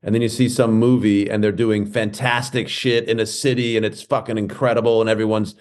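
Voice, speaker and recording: A man in his forties, a comedian and clown performer chatting as a podcast guest, animated and swearing freely as he tells stories. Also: fairly low pitch, a little fast. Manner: animated storyteller who swears freely and acts out quotes. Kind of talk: casual podcast chat.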